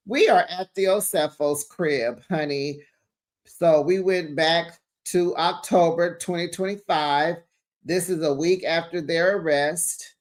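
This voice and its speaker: A sassy host doing a casual gossipy recap of a reality show, calling viewers besties and child. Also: mid-range voice.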